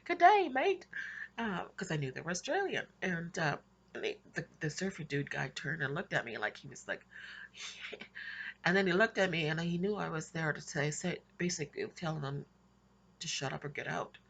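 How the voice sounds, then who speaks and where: A woman's voice: deep voice, lively intonation, moderate pace, vocal fry, a bit bright, breathy edge. A woman casually recounting her dreams in a rambling way, with frequent restarts and little laughs. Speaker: Christian vlogger recounting dreams. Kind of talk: casual spoken storytelling.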